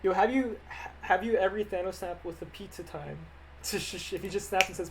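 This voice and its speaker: The audio is poor, with a bit of background noise, as a young man with a high voice and fairly bright tone talks at a moderate pace. He's an animator on a casual livestream, answering viewers' questions in a rambling, joking, offhand way.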